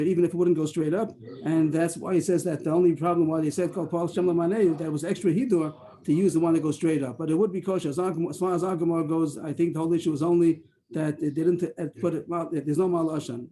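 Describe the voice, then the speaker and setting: A man teaching a Talmud class over a video call, explaining quickly and weaving in Hebrew and Aramaic terms. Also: on the high side, warm tone.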